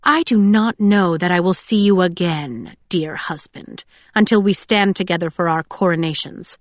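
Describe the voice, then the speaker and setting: A woman's voice: fairly low pitch, moderate pace, no echo, lightly acted. A woman reading an audiobook, voicing a cruel, haughty queen who hisses her threats. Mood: menacing. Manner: hissing, sneering.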